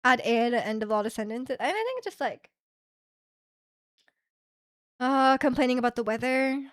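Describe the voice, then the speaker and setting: A woman's voice: high-pitched, lively intonation, normal speed, dry recording, studio quality. A young woman from Canada, a streamer chatting casually and reading her chat aloud, with many fillers.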